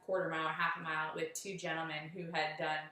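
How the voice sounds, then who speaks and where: A woman's voice: sits low, level tone, fast, pushed and bright. Chatty woman in a very echoey room. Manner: chatty, finishes her partner's sentences, laughs often. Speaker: hiking vlog co-host. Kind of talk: casual chat recounting a hike.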